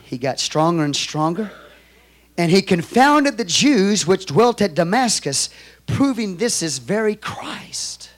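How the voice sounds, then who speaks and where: A man with a Texan accent preaching a sermon as pastor, moving from quiet storytelling to loud, shouted exhortation. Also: high voice, sing-song, a little slow.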